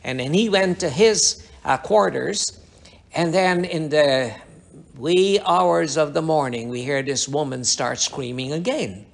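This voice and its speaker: A male preacher telling a story from the pulpit in a somewhat high voice. He rambles and circles back, repeating phrases as he builds his testimony. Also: unhurried, creaky. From Guyana. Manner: rambling, repetitive testimony with restarts. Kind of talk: sermon storytelling.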